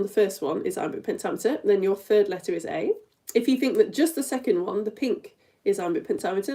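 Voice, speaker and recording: Mellow-voiced woman teaching a playful quiz. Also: mid-range voice. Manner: playful, giggly, talks straight to viewers. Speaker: teacher of all-ages online lessons. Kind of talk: live-streamed quiz lesson.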